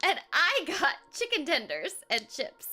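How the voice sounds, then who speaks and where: Very bright, high, bubbly woman streamer. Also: wildly swooping pitch, a little slow, faint music behind. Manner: bubbly and chatty, scatting filler sounds; giggly, rambling with restarts. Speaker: game streamer and voice actor. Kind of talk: casual live-stream chat with viewers.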